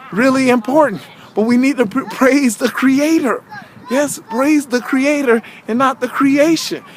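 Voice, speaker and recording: High-voiced man preaching casually. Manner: rambling, repeats himself, leans on "you know what I'm saying"; asks rhetorical questions. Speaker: vlogger preaching to viewers.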